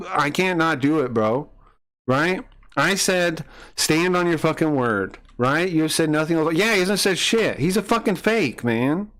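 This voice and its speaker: A man's voice: fairly high pitch, fairly bright tone, smooth. A man streaming live, ranting angrily and profanely as he accuses a chatter of lying. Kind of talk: heated live-stream argument with chat.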